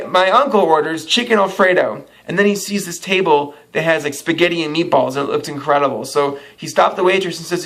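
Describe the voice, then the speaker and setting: Man, vlogger storyteller, slightly high voice, chatty, laughs at his own anecdotes. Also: fairly quick, hardly any pauses, a bit bright. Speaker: actor and model vlogger. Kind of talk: casual storytelling vlog.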